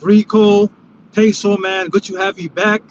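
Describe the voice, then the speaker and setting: A man with a very high voice speaks casually and apologetically as he joins a livestream panel. His audio is dull and lo-fi, with a faint noise of traffic behind him. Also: level tone, a little slow. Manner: apologetic, casual, repeats phrases. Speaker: panel guest.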